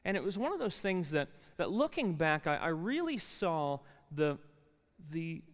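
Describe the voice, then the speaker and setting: A man in his forties with a New Jersey accent preaches in a large chapel, and his voice rings out in a long hall reverb. His voice sits a little high and sounds smooth and resonant. He tells his story in a loose, chatty way, full of ums and restarts. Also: very animated, a little slow. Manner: conversational storytelling with frequent fillers and restarts. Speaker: chapel speaker. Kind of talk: sermon with personal testimony.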